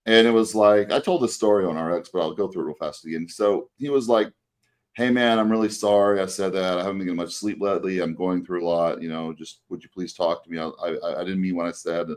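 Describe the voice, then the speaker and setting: A man with a low voice tells a story on a podcast, looping back through fillers and false starts. His delivery is loose and conversational, a co-host talking with a friend. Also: quick pace. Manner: rambling anecdote with many fillers and restarts. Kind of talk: casual storytelling chat.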